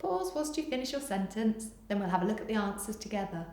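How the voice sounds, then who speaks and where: A woman, a primary school teacher giving a remote lesson to young children, dictating slowly and praising a lot. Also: medium pitch, very animated, a little mellow, roomy sound. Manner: slow, exaggerated dictation with big praise.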